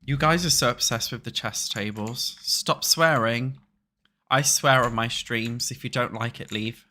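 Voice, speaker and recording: A young man with a British accent talks loosely to his viewers as he plays, rambling and cursing between tasks. His voice is bright and sits at an ordinary middle pitch, close on a desk mic. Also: a little slow. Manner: chatty, swears freely, talks to chat. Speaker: streamer. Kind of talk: casual chat while playing a building game.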